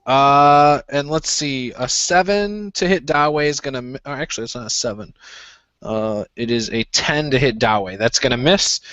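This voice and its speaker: A man running a tabletop game as game master, narrating in a relaxed, chatty way with frequent fillers. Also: medium pitch, normal speed, no echo, dull audio.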